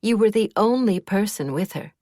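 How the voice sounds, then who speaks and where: A woman voicing a gentle older woman coaxing someone to talk, in an audiobook. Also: medium pitch, expressive, moderate pace, no echo, clean studio sound, pitched above the performer's own voice, close to an everyday voice.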